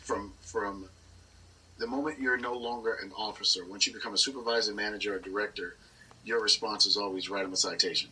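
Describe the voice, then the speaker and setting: A man's voice: fairly low pitch, steady tone, fairly quick, sharp tone, slightly rough. A man hosting a podcast interview in a casual, reflective way. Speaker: podcast host. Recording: faint noise, mic at a distance.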